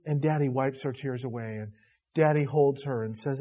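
A middle-aged man preaching a sermon as a pastor, emotional, dropping to a hush and then rising loud. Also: fairly high pitch, moderate pace, husky. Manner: emotional, swinging from hushed to loud. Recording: dull lo-fi recording.

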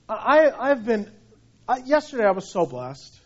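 High-voiced man preaching, lively storytelling. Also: takes it slowly, pauses often, breathy edge. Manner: conversational, animated storytelling with restarts. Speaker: senior pastor. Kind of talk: sermon. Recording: dull lo-fi sound.

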